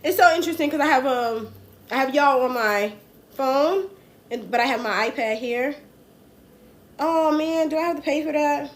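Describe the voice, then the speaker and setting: A high-pitched woman chatting casually on a political livestream. She rambles from point to point and talks to her viewers in loose, dialect-flavored speech. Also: moderate pace.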